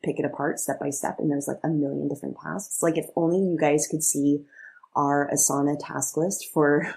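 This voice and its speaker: A woman in her thirties co-hosts a podcast in relaxed, chatty conversation. Her voice sits low and a little husky. She talks loosely, with plenty of fillers and easy laughter. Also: moderate pace. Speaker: podcast co-host. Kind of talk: casual chat.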